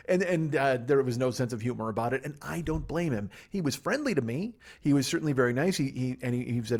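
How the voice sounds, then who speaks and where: A man's voice: a little high, lively intonation, a little mellow. A middle-aged man from Chicago hosting a solo podcast from a living room, rambling and profane, stifling yawns as he talks. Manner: rambling, profane, self-mocking, rushes without pausing. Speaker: podcast host. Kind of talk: solo casual monologue. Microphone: laptop and microphone.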